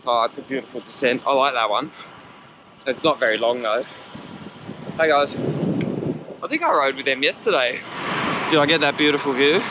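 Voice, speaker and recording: A man's voice: mid-range voice, moderate pace, long pauses, lo-fi sound. Chatty man vlogging on a bike. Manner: chatty, rambling, self-deprecating. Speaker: cycling vlogger. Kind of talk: casual talk to camera while riding. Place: outdoors on a road bike in traffic. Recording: wind noise over a bike-mounted camera.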